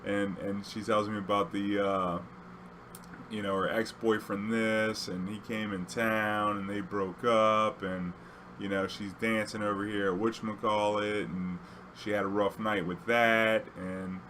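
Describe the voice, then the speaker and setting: A young man tells a taxi story in a casual, rambling way, filling every pause with "you know." His low voice has a forceful, bright edge, and faint ambient noise sits behind him. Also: level tone. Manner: rambling, loose delivery full of "you know".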